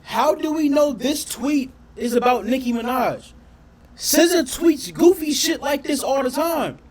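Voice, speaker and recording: A man doing casual reaction commentary on his channel, talking in an animated, profane way and often questioning his audience. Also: very high voice, measured pace. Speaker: reaction streamer.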